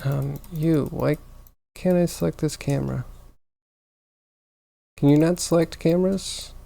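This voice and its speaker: A man's voice: fairly high pitch, fairly even intonation, unhurried, vocal fry, warm tone. A man livestreaming as he works on a computer, venting his frustration aloud to his viewers in casual chat.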